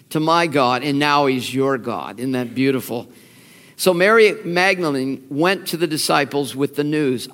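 A man preaching a sermon, telling the story with feeling and acting out the quoted lines. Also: a little high. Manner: animated storytelling, acts out quotes, laughs. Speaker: pastor. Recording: long reverb of a large hall.

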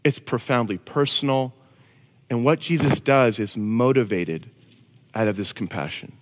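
A man preaching a casual, animated sermon to a congregation. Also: medium pitch, unhurried. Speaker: pastor. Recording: long reverb of a large hall.

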